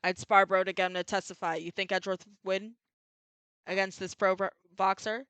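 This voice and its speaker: A woman's voice: mid-range voice, flat delivery, brisk, a bit bright, clear, resonant tone, no room sound. A young woman chatting casually and giggling while streaming a video game, dropping slang as she goes.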